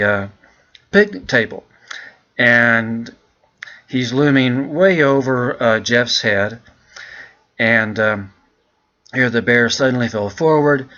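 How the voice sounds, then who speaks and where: A man teaching English, walking students through an essay in a relaxed, chatty way and calling them "guys". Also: mid-range voice, lo-fi sound. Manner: relaxed, chatty, keeps addressing the class as "guys".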